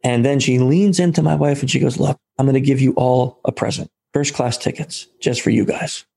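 Animated male storyteller acting out dialogue. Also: mid-range voice, brisk, vocal fry, few pauses. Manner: animated storyteller who acts out quoted dialogue. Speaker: guest author. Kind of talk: storytelling in a podcast interview.

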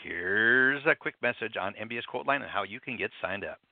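A man's voice: fairly low pitch, lively intonation, a little fast, dry recording, phone-quality sound. A man hosting a radio talk show, friendly and chatty with plenty of ums and ahs. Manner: friendly, chatty, filler-heavy.

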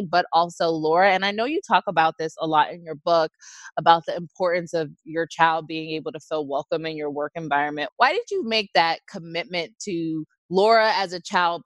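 Lower-voiced woman hosting a podcast. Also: no echo. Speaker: podcast host. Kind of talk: conversational interview.

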